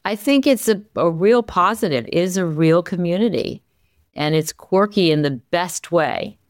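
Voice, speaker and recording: A smooth, clear voice that stays mid-pitched but jumps up with enthusiasm as this newspaper executive from the Philadelphia area talks shop in an interview. The sound is close and dry, with no room around it. The talk is quick and full of restarts. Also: no echo. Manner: energetic, animated, many restarts. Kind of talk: conversational interview.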